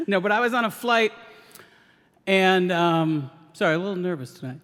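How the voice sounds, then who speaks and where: Man, stand-up comedian, high bright voice, hesitant with ums, long stage reverb. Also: moderate pace. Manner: hesitant, full of ums and uhs, laughing through lines. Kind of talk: live stand-up storytelling. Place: live radio stage before an audience.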